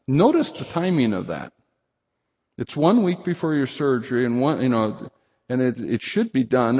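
A man's voice: mid-range voice, creaky, darkish tone, big-room sound, dull audio. A middle-aged man preaching a sermon, speaking earnestly and directly to his congregation and leaning hard on scripture. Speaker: pastor.

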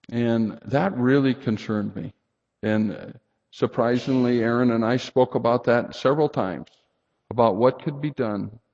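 A man's voice: mid-range voice, gravelly, a little mellow, long reverb tail, lo-fi sound. A middle-aged man preaching a sermon, speaking earnestly and directly to his congregation and leaning hard on scripture. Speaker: pastor.

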